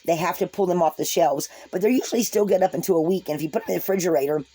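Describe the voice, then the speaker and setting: A woman's voice: fairly low pitch, racing, mellow, husky. A woman vlogger casually telling a story to her viewers, folksy and rambling, with frequent restarts and asides.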